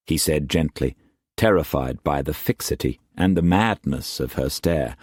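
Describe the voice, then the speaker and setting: A man narrating an audiobook in a measured, expressive reading. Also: very deep voice, no echo, clean studio sound.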